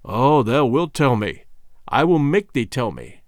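A man voicing a stern, commanding king in an audiobook, with measured, grave pronouncements. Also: mid-range voice, sing-song, no room sound, studio quality, voice pushed down. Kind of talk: audiobook character voice.

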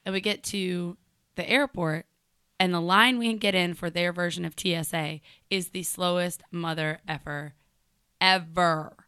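Crisp-voiced woman telling profane stories. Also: lowish voice, a little slow, no echo, clean studio sound. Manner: profane, animated storytelling. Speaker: podcast co-host. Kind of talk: casual chat.

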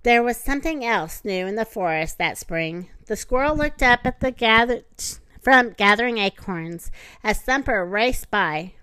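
Woman reading a kids storybook, kinda high voice, dry close recording. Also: expressive, unhurried, bright, forceful tone, clean tone, no echo. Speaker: narrator. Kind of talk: storybook read-aloud.

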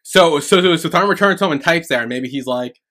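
A man's voice: a little high, a little fast, fairly bright tone. A man co-hosting a casual podcast over a remote call, spinning a rambling story full of fillers and swearing. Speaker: podcast co-host. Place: remote call from separate homes.

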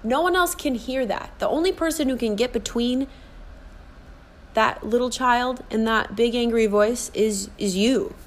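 A woman's voice: on the high side, unhurried. Earnest woman in her forties, emphatic. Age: 40s. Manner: earnest, emphatic, repeats key phrases for stress. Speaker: life and fitness coach. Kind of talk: motivational podcast monologue.

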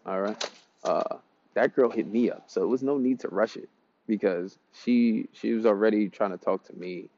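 A man with a low, gravelly voice gives dating advice in a blunt, profane, rambling monologue. His tone is dark and mellow, and the recording sounds dull and lo-fi. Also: moderate pace. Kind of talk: casual monologue.

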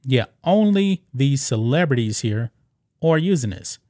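A man's voice: mid-range voice, big pitch swings, a little slow, warm tone, no room sound, studio quality. A man hosting a casual commentary video, reading an article aloud and reacting with disbelief, rambling with fillers and restarts.

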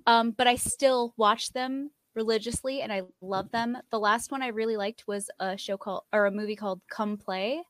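A woman's voice: fairly high pitch, fairly even intonation, normal speed, hardly any pauses, no echo, clean studio sound. A woman on a podcast panel chatting casually in a playful, self-mocking way. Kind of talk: casual chat.

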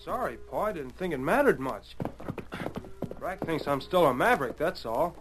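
An earnest young ranch son in a vintage radio drama. His voice is high and bounces up and down, and clear hiss runs under the recording. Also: sing-song, normal speed. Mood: apologetic. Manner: apologetic, boyish.

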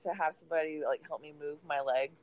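A woman on a podcast in relaxed, loose chat, punctuated by laughter and easy swearing. She is recovering from a broken leg. The sound is dry and close, with no room echo. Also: low voice, fast talker. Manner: laughs often, swears casually. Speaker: podcast co-host. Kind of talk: casual chat.

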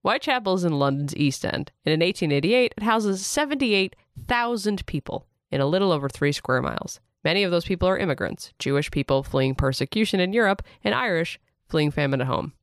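A podcast host narrating history with wry, deadpan comic asides. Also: mid-range voice, brisk, hardly any pauses, dry recording, clean studio sound.

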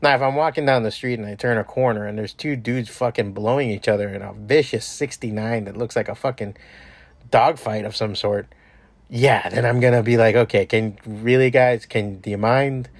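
A man's voice: on the low side, brisk, no echo. A man hosting a podcast from home, talking in a loose, profane, rambling way with many restarts. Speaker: podcast host. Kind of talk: casual rambling monologue.

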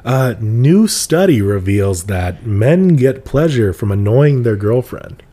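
A man's voice: medium pitch, very animated, takes it slowly, dark tone. A young man hosting a casual podcast, joking and rambling as he teases his girlfriend. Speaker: podcast host.

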